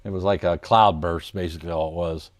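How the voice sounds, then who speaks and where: A man's voice: deep voice, steady tone, a little fast, dry recording, clean studio sound. A man from Ohio hosting a casual trading livestream, folksy and joking, calling himself plain redneck. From Ohio, United States. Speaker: trading coach host.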